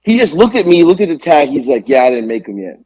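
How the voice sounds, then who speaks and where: A man's voice: a little high, quick pace, husky, dull audio. A man co-hosting a podcast, telling a long exasperated story full of swearing. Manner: animated, profane, exasperated ranting. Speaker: podcast co-host. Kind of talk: casual storytelling rant.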